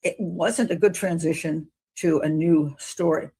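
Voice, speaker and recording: A woman hosts a casual commentary on a courtroom trial, her voice gravelly with a husky edge. She talks in an animated way and acts out what the lawyers said. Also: on the low side, measured pace. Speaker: host.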